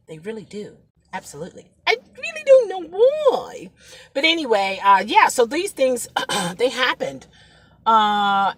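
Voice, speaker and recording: Lady rideshare driver rambling on, kinda preachy, lowish voice, dry close sound. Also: no echo. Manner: chatty, preachy, rambling with fillers. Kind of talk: casual vlog talk.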